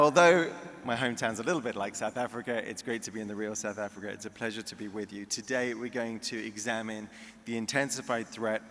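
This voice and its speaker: A man's voice: lowish voice, fairly bright tone, a little hiss or hum. A man from the UK, giving a speech at a convention and telling anecdotes and jokes. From United Kingdom. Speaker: convention speaker. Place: large convention hall. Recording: long hall reverb.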